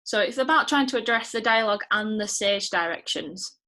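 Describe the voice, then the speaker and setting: A woman's voice: medium pitch, a little fast, bright, forceful tone. A young woman from England teaching an English literature class online, chatty and encouraging, over a video call. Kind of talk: online lesson.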